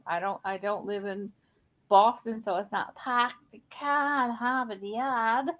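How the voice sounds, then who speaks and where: A woman's voice: a little high, steady tone, slow pace, a bit bright, highs cut off. A chatty woman from New England on a live stream, laughing often. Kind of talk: casual live-stream chat.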